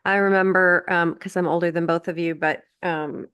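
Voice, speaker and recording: A woman's voice: fairly low pitch, steady tone, moderate pace, a bit bright, smooth, dry recording. A middle-aged woman from Canada hosting a casual interview, chatty and full of fillers and restarts. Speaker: host.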